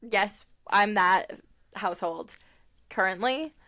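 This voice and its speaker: A woman's voice: medium pitch, takes it slowly, bright, forceful tone. Chatty young woman co-hosting a podcast. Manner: chatty, rambling, laughs often, many fillers. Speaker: podcast co-host. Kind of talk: casual chat.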